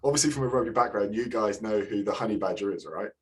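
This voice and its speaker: A man's voice: lowish voice, quick pace. A man, co-hosting a casual podcast and telling stories loosely, with frequent swearing. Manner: swearing, storytelling, laughs often. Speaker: podcast co-host. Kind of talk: casual chat.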